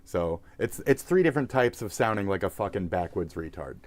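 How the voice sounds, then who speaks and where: A man's voice: low voice, animated, brisk. A man hosting a live stream, ranting in a profane, mocking and rambling way. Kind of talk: livestream rant.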